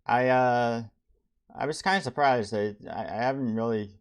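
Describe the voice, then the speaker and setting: A young man streaming as he builds a game level, talking casually in a halting way with many restarts and fillers. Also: medium pitch, clean tone. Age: young adult. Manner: halting, many restarts and ums, reads chat aloud. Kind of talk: casual live-stream talk.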